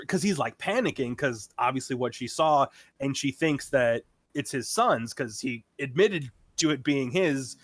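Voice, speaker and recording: A man's voice: medium pitch, moderate pace, no echo. A man co-hosting a podcast, retelling a show in a rambling casual chat full of fillers and quoted lines. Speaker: podcast co-host.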